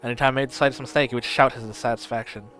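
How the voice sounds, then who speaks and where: A man streaming and reading a story game aloud in steady first-person narration, with occasional slips. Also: medium pitch, racing, soft background music.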